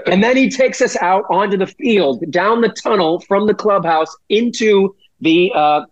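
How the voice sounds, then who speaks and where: A man's voice: sits high, unhurried, no room sound, faint music behind. A man from Massachusetts, a podcast guest telling a rambling story and swearing freely. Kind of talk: casual storytelling. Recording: dull dry lo-fi audio.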